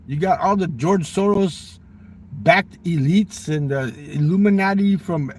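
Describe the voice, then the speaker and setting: A man with a smoker's rasp, rambling through a profane political rant. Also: high-pitched, unhurried, far from the mic, slight background noise. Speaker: vlogger.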